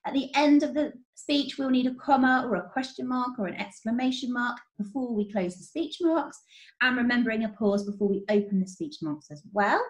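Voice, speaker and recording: A woman teacher, explaining writing step by step in an online lesson, clearly and encouragingly. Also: on the high side, brisk. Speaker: primary school teacher. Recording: roomy echo.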